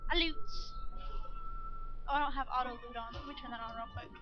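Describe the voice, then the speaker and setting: A woman giving casual, excitable commentary while playing a game, often squealing when surprised. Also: on the high side, a little fast. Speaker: gamer. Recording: lo-fi mic with game music behind.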